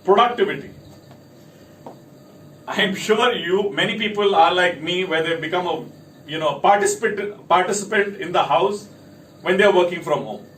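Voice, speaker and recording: A man's voice: high-pitched, moderate pace, pauses often, a bit bright, far from the mic. A man giving a talk to camera, working through a list of points with emphatic delivery. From India. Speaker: company speaker. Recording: echoey room, from off mic, faint noise.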